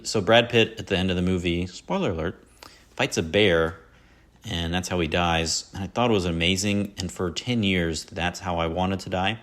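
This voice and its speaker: A man's voice: sits low, normal speed, fairly bright tone. A man hosting a casual solo podcast, rambling and self-mocking about his favorite films and slipping into quoted lines. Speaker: podcast host. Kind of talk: casual solo movie talk.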